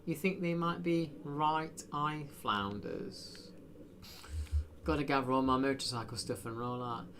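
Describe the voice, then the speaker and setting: While livestreaming a video game, a man chats casually, rambling and making fun of himself with lots of fillers. His medium-pitched voice is fairly even and fairly bright, and he speaks a little slowly. There is slight background noise.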